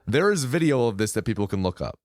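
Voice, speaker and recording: A man's voice: medium pitch, big pitch swings, fast, a little mellow, dry recording. Laid-back man reacting in podcast chat. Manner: laid-back listener, short reactions and dry asides. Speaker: podcast co-host. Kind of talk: casual chat.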